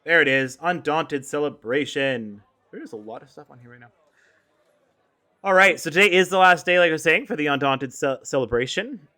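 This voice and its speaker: A man's voice: a little high, lively intonation, normal speed, pushed and bright. A man co-hosting a casual gaming podcast, running through store items and events with frequent ums and self-corrections. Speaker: podcast co-host. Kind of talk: casual game news chat.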